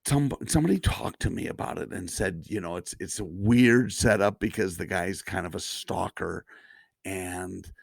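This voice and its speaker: Gravelly low-voiced man chatting casually. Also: no echo, clean studio sound. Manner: halting, many restarts, chuckling. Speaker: podcast co-host. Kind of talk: casual chat.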